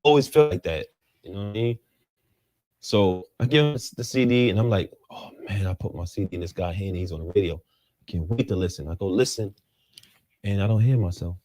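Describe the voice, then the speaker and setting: Animated storytelling man, dry sound. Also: brisk, no echo. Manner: street slang, acts out quotes with jumps in pitch. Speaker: rapper, interview guest.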